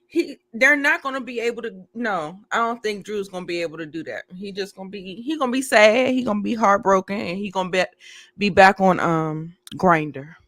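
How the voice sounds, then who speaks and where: Woman thinking aloud, mid-pitched. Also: fairly quick, a bit bright. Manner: thinks aloud, hesitant, restarts. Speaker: panelist. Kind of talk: casual chat.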